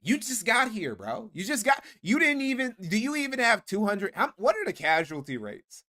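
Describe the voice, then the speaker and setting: High, bright-voiced man ranting on stream. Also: moderate pace. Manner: animated, sarcastic ranting. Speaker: stream host. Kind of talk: live stream commentary.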